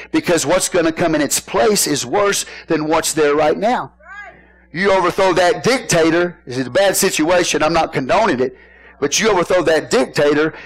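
A man's voice: fairly high pitch, poor audio. A man preaching a sermon in church, folksy and joking, often asking the congregation questions. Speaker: pastor.

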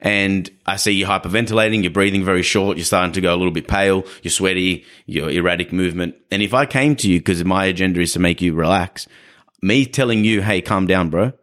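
A dog trainer in his young adult years hosts a podcast, casually explaining how dogs behave and playing out quoted people. His pitch is low, his pace quick, and his tone fairly bright.

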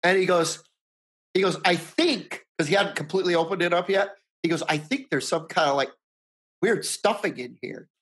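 A man's voice: high voice, moderate pace, a bit bright. A man co-hosting a podcast, chatting casually and joking as he retells a story. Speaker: podcast co-host. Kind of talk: casual chat.

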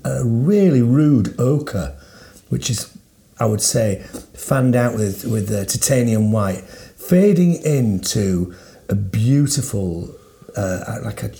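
A man's voice: fairly low pitch, gravelly, dark tone. A man co-hosting a casual chat, teasing and swearing playfully. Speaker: podcast co-host. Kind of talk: casual banter outdoors.

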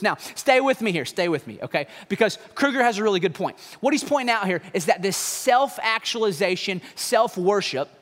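Lively high-voiced preacher in a reverberant hall. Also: male voice. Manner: animated, conversational preaching with mocking asides. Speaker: pastor. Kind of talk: sermon.

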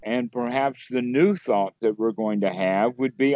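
A man's voice: a little slow, a little mellow, no room sound, dull audio. A man teaching Buddhist practice in casual talk, playfully acting out inner voices. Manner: playful, acts out inner voices with sudden high exclamations. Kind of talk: casual spoken teaching on a call.

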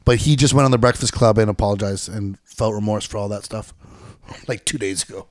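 A man's voice: on the low side, no echo. Jokey man on a dry podcast mic. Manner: jokey, quick interjections. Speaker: podcast co-host. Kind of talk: casual chat.

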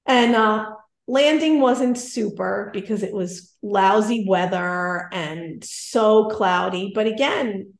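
Woman, 40s, animated, self-deprecating storyteller, mid pitch, echoey room. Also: slow, few pauses. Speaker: guest telling a personal story. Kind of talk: conversational storytelling.

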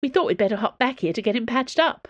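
A woman's voice: fairly high pitch, animated, quick pace, dry recording, highs cut off, voice pushed up. An earnest, helpful female space musketeer speaks up, as a woman narrator voices her in an audiobook. The recording is close and dry.

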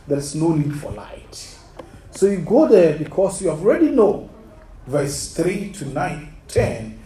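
The voice is fairly high but dark in tone: a man earnestly quizzing a youth group during a Bible study sermon, calling them "beloved." Chairs fill the room, which echoes, and the distant microphone picks up a faint hum.

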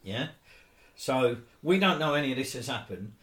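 A man, co-hosting and telling a rambling story in casual chat, laughing and bursting into loud bits. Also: mid-range voice, lively intonation, moderate pace. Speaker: co-host, storyteller. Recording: echoey room.

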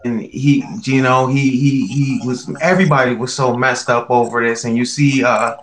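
A man's voice: medium pitch, fairly even intonation, moderate pace, fairly bright tone, rough recording. A man hosting a casual podcast chat, hesitant and full of fillers. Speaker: podcast host. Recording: faint background noise.

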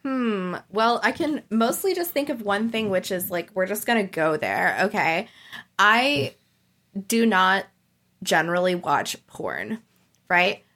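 A woman's voice: mid-range voice, very animated, takes it slowly, a bit bright. A woman co-hosting a podcast, telling candid stories hesitantly in casual chat. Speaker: podcast co-host.

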